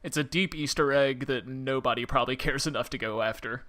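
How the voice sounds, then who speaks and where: A man's voice: mid-range voice, fairly quick, sharp tone. A man co-hosting a podcast, chatting casually about a film, blunt and dismissive and often laughing. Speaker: podcast co-host. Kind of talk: casual film review chat.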